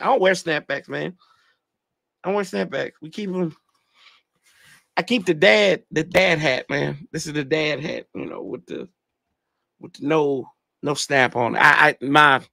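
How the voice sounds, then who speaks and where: A man's voice: fairly high pitch, fairly bright tone, no echo. A man hosting a casual sports fan livestream, rambling in slangy talk and reading chat comments aloud. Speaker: podcast host reading live chat.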